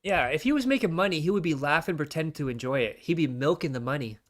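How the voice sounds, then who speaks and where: A man's voice: on the high side, animated, fast talker. A man giving sarcastic, mocking reaction commentary over stream clips.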